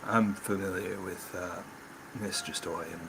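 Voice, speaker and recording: A man's voice: deep voice, fairly even intonation, takes it slowly, a crowd in the background, full character voice, poor audio. A man voicing a thin, wheezing man of about sixty who is guarded and curt. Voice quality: labored, breathy.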